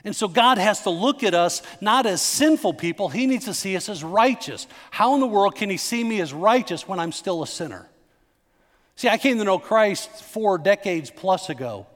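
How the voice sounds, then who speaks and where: A man's voice: sits high, animated, normal speed, fairly bright tone. A middle-aged male pastor preaching a sermon in a conversational, emphatic way, turning to the congregation with asides and questions. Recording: long hall reverb.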